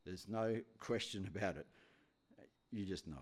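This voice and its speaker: A man's voice: low voice, a little slow. A man preaching a sermon, telling a story with many repetitions.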